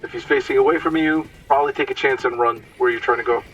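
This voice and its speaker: Brief: man talking through gameplay tips, mid-pitched, relaxed and explanatory, set back from the mic with faint hum. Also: fast talker, distant mic, lo-fi sound. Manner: explanatory, stumbles over words. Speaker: gameplay commentator. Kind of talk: casual gameplay commentary.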